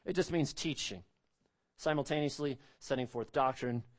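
A man's voice: medium pitch, normal speed. A man preaching an expository sermon, emphatic, repeating phrases and asking rhetorical questions.

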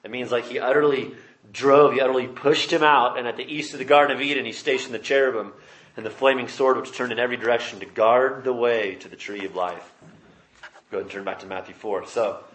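A man's voice: mid-range voice, steady tone, quick pace, fairly bright tone, reverberant. A man preaching a sermon, reading scripture aloud and explaining it with emphatic rises. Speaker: pastor. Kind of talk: expository sermon.

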